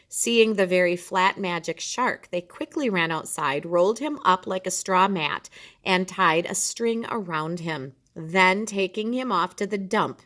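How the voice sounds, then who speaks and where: A woman reads a children's story aloud in a bright, clear voice and stops now and then for chatty remarks to her listeners. Her pitch sits a little low for a woman. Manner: chatty asides between the reading. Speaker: storyteller reading a picture book aloud.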